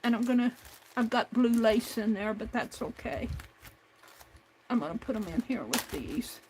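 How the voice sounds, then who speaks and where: A woman's voice: fairly high pitch, expressive, moderate pace, a little mellow, a little hiss or hum. Chatty woman crafting at her desk. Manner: chatty, talks herself through each step. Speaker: craft channel host. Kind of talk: casual crafting livestream narration.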